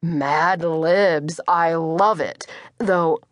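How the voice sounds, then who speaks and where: A woman's voice: sits low, fairly even intonation, extremely slow, no room sound. A woman voicing an adult man, a joking and dramatic twin brother who teases his sister. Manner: teasing, theatrical. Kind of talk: audiobook character voice. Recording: dry studio.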